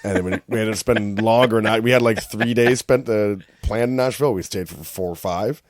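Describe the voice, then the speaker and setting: Animated Canadian man telling a road-trip story. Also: a little fast, dry recording, clean studio sound. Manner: animated storyteller, acts out quotes in high voices. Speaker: podcast co-host. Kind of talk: casual chat.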